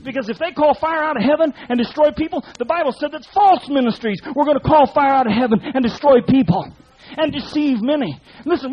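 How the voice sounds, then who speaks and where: A man preaching a sermon in a fiery, folksy way, full of colloquial speech. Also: very high voice. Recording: dull lo-fi recording.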